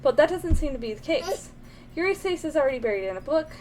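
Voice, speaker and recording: A woman's voice: high voice, very animated, fast talker, darkish tone, a little hiss or hum, rough recording. A young woman streaming a game, reading its narration aloud while chatting and cooing at her baby.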